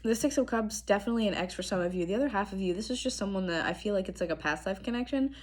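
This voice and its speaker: A young woman giving a casual tarot reading to camera. Her throat is strained and she talks in a chatty, relaxed way, clearing her throat often. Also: medium pitch, rapid-fire. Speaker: tarot reader. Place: apartment room indoors.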